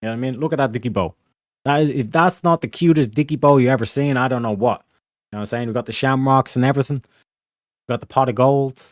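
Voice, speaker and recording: Young male streamer, loose and rambling, heavy on filler, mid-pitched and dry. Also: fast talker, no room sound. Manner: rambling, full of filler phrases and slang. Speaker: livestream host reading donations. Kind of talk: casual livestream chat.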